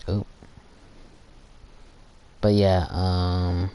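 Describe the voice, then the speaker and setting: Deep-voiced teen guy rambling. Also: flat delivery, warm tone, smooth. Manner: rambling, halting, many restarts and fillers; acts out friends in quoted voices. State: sore teeth from aligners. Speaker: gaming channel creator. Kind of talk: casual rambling talk while gaming.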